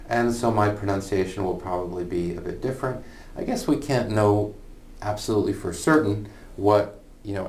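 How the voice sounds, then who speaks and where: Man lecturing casually, slightly low voice, hesitant fillers, echoey room, mic a bit far off. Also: a little mellow. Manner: thinking aloud, with hesitant fillers and repeated phrases. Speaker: college humanities teacher. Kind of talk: informal online lecture.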